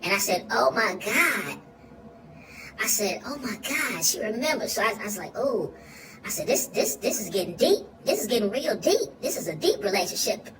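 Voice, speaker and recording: A woman's voice: mid-range voice, sing-song, moderate pace, recorded from a distance, very noisy, natural voice. A woman playing a goofy, food-loving young boy, rambling through a comic monologue with slang and sudden squealing outbursts.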